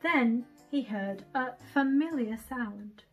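A young woman with a Turkish accent reading a children's story aloud in an expressive, gentle way. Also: a little high, faint music behind. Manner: expressive, sing-song, slow and gentle.

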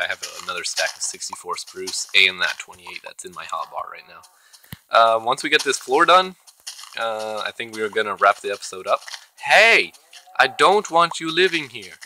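A man's voice: lowish voice, sharp tone, slight background noise, poor audio. A man hosting his own gaming channel, giving casual, chatty commentary as he plays and talking to the creatures in the game. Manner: chatty, talks to himself and the game mobs.

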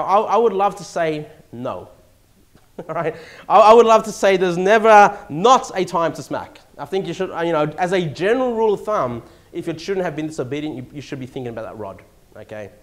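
An Australian man preaching a sermon in church, his pitch sitting a little high and swooping all over the place. He jumps from loud emphatic lines to near-hushed asides and chuckles as he goes. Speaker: pastor.

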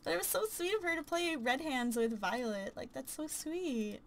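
A woman giving casual, chatty commentary while playing a life-simulation game, gushing and excitable. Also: high-pitched, normal speed, vocal fry, slight background noise. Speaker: let's play commentator.

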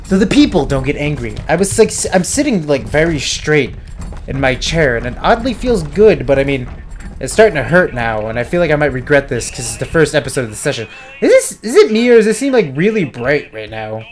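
A young man giving casual, rambling let's-play commentary from home, joking at his own expense and breaking into loud excited yells. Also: mid-range voice, fairly quick, soft background music. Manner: rambling, self-mocking, bursts into loud excited yelling. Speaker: gameplay commentator. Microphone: desk microphone at home.

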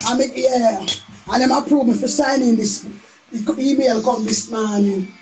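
A woman's voice: on the high side, fairly even intonation, normal speed. A woman with a Jamaican accent chatting on a live stream, playful and boastful, repeating phrases in a sing-song chant. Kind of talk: casual live-stream chat.

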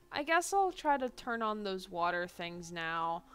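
A woman's voice: medium pitch, big pitch swings, measured pace, hardly any pauses, fairly bright tone, clear, resonant tone. A woman streaming a game live, chatting casually, exasperated, and swearing freely.

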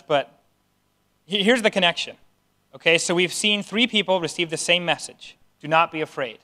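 A man's voice: fairly high pitch, sharp tone. A man in his thirties preaching a sermon as pastor, conversational and earnest, building to emphatic exhortation.

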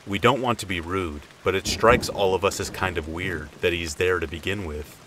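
A man's voice: low voice, normal speed, noisy background. A man narrating a true scary story in the first person, in a casual, conversational way.

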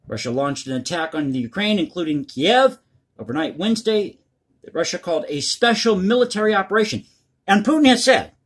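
A man's voice: sits high, a bit bright, breathy edge. A man hosting his own channel, giving blunt, crass, opinionated commentary on the news. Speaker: political commentary host.

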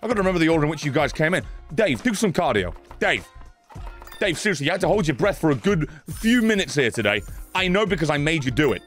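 A gaming streamer in his thirties gives live, sweary commentary, ranting at the game in exasperation. His voice is a little high with a fairly bright tone, very animated and fast, and faint music plays behind him.

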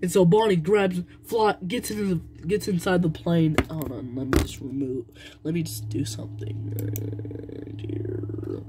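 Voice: medium pitch, unhurried, noisy background. A young narrator telling a toy play story, rambling and stalling with fillers and humming, indoors at home.

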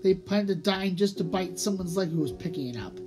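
A woman's voice: lowish voice, animated, a little fast, lightly acted. A woman reading the part of a young male kitten who speaks defiantly, with music playing behind.

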